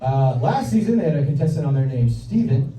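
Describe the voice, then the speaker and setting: A young man with a slight Southern American accent performs stand-up on a club stage, awkward and self-deprecating, in a warm, expressive mid-range voice at a fairly quick clip. He speaks into a handheld stage mic, but the recording was made from the audience at a distance, so it sounds roomy and dull. Audience laughter fills the background.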